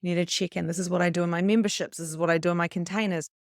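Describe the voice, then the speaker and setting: Animated woman spiritual coach, dry sound. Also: lowish voice, racing, dry recording. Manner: chatty and animated, acts out her own panic. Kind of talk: live online workshop teaching.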